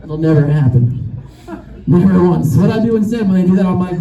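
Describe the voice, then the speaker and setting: A woman's voice: fairly low pitch, lively intonation, brisk, roomy sound, muffled recording. Woman stand-up comic, frank and self-mocking, distant mic, live crowd noise. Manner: bawdy, frank and self-mocking, laughing through lines. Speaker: stand-up comedian. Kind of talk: stand-up comedy set. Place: rooftop of a music club at a live show.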